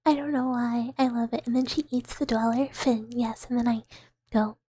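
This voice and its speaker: A young woman streaming, softly whispering and giggling through her chat in a whispered role-play as a mouse character. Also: on the high side, fairly even intonation, moderate pace, breathy edge, no echo. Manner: soft whispery chatter with frequent giggles. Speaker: VTuber streamer. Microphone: close ASMR microphone.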